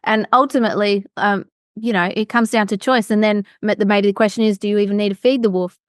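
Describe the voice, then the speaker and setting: A woman's voice: medium pitch, steady tone, quick pace, clean tone, no room sound. Aussie woman hosting a podcast, lots of yeahs and mms, dry close mic. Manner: encouraging, frequent affirming murmurs. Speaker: podcast host. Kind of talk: casual podcast conversation.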